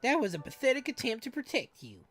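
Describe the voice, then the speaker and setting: A woman voicing a brave, earnest young boy hero with a high, melodramatic delivery over faint game music. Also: sing-song, quick pace. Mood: earnest vow.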